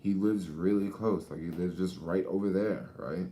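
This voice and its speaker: A man's voice: sits low, steady tone, moderate pace, mellow, slight background noise. A man chatting casually in a vlog, laid-back and slangy, swearing and laughing often, talking outdoors at a beach. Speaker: vlogger. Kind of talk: casual rambling chat.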